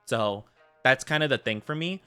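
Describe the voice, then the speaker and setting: Bright-voiced chatty male streamer. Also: mid-range voice, expressive, normal speed, clear, resonant tone, soft background music. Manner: rambling and giggly, full of filler "like". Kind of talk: casual live-stream chat.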